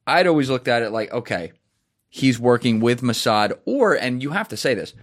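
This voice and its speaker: A man hosts a podcast in a medium-pitched voice at a moderate pace. He chats casually and swears freely, telling an animated, profane story and acting out the quoted voices.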